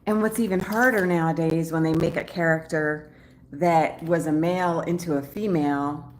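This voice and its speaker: A woman's voice: low voice, fairly even intonation, normal speed. A woman vlogger chatting casually to camera at home in the morning, rambling and often laughing. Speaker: travel vlogger.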